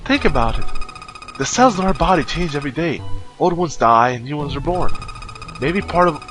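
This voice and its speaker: A man's voice: on the high side, lively intonation, moderate pace, fairly bright tone, faint music behind, low-quality recording. A man voicing a cheerful, teasing young woman in a game, in a raised, playful girlish delivery. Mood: musing.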